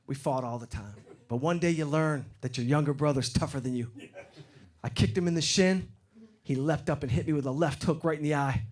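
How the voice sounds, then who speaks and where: A middle-aged man from Detroit doing a stand-up comedy set on stage, getting loud and animated when he acts out other people. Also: fairly high pitch, brisk, noisy background. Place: comedy stage before a live audience. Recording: live show with loud crowd laughter. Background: crowd laughing.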